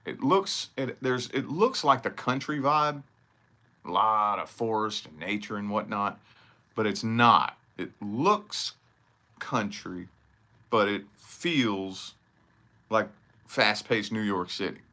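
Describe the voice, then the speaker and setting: A man's voice: lowish voice, animated, takes it slowly, pushed and bright. A man from southern Indiana with a slight country twang, giving a rambling, profane casual monologue on his vlog. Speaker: vlogger.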